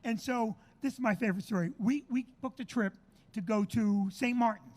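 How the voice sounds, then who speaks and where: A man's voice: high voice, moderate pace, darkish tone. A middle-aged man, telling a comic story in a brash, profane, exaggerated way. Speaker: comedian host. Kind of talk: storytelling chat.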